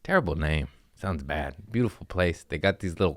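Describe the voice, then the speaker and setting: A man's voice: low-pitched, expressive, a little fast, a bit bright, dry recording, clean studio sound. A man, a comedian, telling rambling self-mocking stories into a podcast mic, slangy and acting out quotes. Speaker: comedian host. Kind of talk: casual storytelling.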